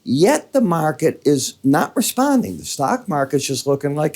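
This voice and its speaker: A man's voice: a little high, sing-song, moderate pace, a little mellow. An older man with a Midwestern American accent giving chatty, conversational market commentary, walking through charts with folksy asides.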